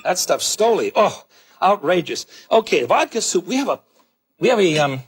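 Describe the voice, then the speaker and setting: A man's voice: high voice, very animated, moderate pace, slightly rough. A middle-aged man hosting a televised cooking show from a galley-style kitchen, gushing over each dish as he demonstrates it. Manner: effusive, exclaims over the food.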